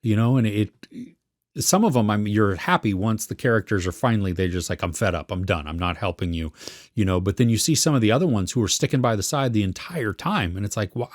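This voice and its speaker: A man's voice: lowish voice, lively intonation, quick pace, no room sound, clean studio sound. Een man met een vrij lage stem die losjes en zoekend over een serie praat in een podcast, droog opgenomen zonder galm. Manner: rambling, searching for words. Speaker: podcast co-host. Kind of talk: casual film review chat.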